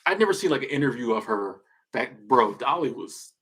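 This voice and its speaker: A man's voice: mid-range voice, sing-song, fairly quick, fairly bright tone, slight background noise. A man chatting casually on a livestream, joking and rambling as he reacts to viewer comments. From Southern United States. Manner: joking, rambling, trails off and restarts. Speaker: streamer.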